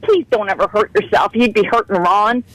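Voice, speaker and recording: A woman's voice: mid-range voice, normal speed, a bit bright, no echo, poor audio. A woman calling in to a radio show, talking in an impassioned, pleading, profane rant. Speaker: caller.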